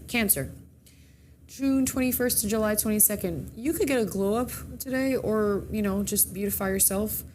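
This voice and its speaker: A woman co-hosts a morning show, casually reading the horoscopes and chatting, tripping over words and correcting herself as she goes. Her medium-pitched voice has a darkish tone and moves at a normal speed. There's slight background noise.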